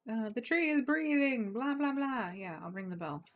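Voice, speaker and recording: A woman's voice: fairly high pitch, animated, normal speed, soft background music. Chatty woman streaming a game. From United States. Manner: chatty, playful, giggly, talks to chat. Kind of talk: casual chat while gaming.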